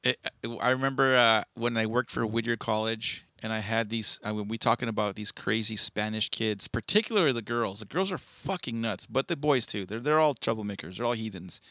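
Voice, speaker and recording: A man's voice: on the low side, fairly quick, hardly any pauses, bright, forceful tone, no room sound. A man co-hosting a podcast, telling rambling, profane stories in casual chat. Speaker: podcast co-host.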